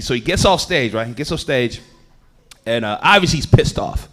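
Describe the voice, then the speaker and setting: A man telling a story on a comedy club stage, swinging between loud bursts and low asides. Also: lively intonation, fast. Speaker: stand-up comedian. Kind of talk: stand-up storytelling.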